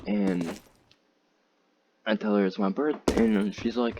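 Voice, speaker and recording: A man's voice: lowish voice, flat delivery, moderate pace, long pauses, dark tone. A teenage boy telling a rambling, profane story about his school day, full of "like" and "dude". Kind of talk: casual storytime. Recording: slightly dull lo-fi audio, faint noise.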